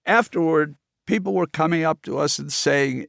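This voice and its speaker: A man, a film director, telling his own story as audiobook narration in a lively, animated way. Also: fairly high pitch, normal speed, creaky, no room sound, studio quality. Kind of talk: oral-history audiobook narration.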